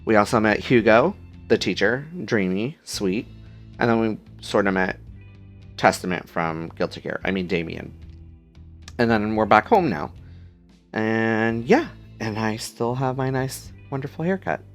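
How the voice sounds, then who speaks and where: Low-voiced man playing a game. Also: a little slow, faint music behind. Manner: joking, playful asides. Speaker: let's play host. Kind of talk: playthrough commentary and reading.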